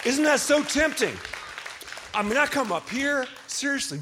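A middle-aged male pastor preaching a joking sermon. His fairly high voice swings widely in pitch as he banters with the congregation and leads them in call-and-response. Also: moderate pace, a faint crowd. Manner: animated, joking, addresses the congregation directly.

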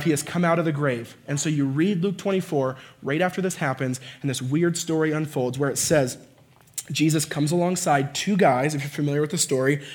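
A man preaching a conversational sermon, often checking in with "right?" and "okay?" and swinging from quiet asides to shouting. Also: a little high.

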